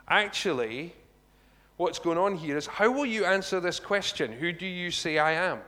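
A man's voice: on the high side, normal speed. Man preaching in a reverberant hall. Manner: conversational, animated preaching with asides to the congregation. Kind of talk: sermon. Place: church hall. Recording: long reverb of a large hall.

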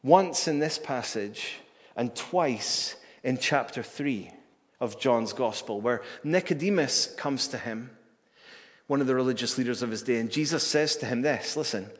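A man's voice: mid-range voice, normal speed, long reverb tail. A man preaching a sermon in a church, earnest and emphatic, using rhetorical questions.

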